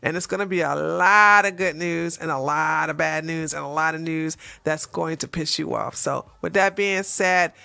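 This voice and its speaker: A woman hosting a live stream, chatting casually with listeners, laughing and clearing her throat as her voice cracks. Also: low-pitched, normal speed, few pauses, pushed and bright. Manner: chatty, laughing, many fillers and restarts. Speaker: host.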